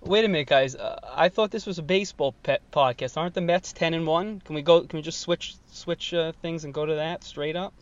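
A man's voice: fairly high pitch, fairly quick, hardly any pauses, highs cut off. A man with a New York accent, a podcast guest who jokes and cracks wise in casual chat. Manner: joking, wisecracking.

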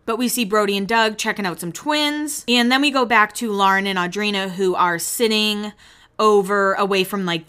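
A woman's voice: medium pitch, a bit bright. A woman hosting a podcast, giving a casual, gossipy recap and acting out quoted lines in shifting voices, with the odd casual swear. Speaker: podcast host recapping a reality show. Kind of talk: casual chatty recap commentary.

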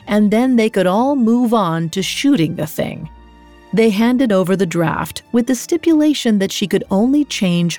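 A woman reading a scripted historical story, measured, with dramatic pauses. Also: medium pitch, a little mellow. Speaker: narrator. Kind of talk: scripted documentary narration.

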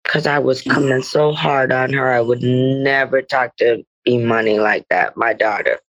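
A woman's voice: very deep voice, steady tone, measured pace, muffled recording. A middle-aged woman, a guest actress, speaking reflectively in a podcast interview with meandering "you know" asides.

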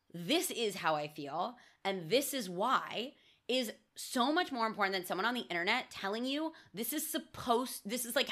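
A woman's voice: medium pitch, sharp tone. A young adult woman hosting a solo podcast on mindful eating, speaking in a casual, candid way, cursing freely and saying "like" often.

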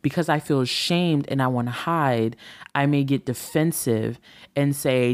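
A woman's voice: a bass voice, a little slow. A woman in her thirties who hosts a relationship talk show. She talks in a candid, reflective monologue that rambles with fillers.

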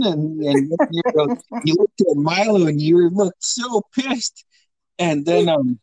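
A man's voice: on the high side, animated, takes it slowly, darkish tone, dry recording, rough recording. Man telling profane family stories. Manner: laughing, profane storytelling. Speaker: podcast host. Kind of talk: casual family storytelling.

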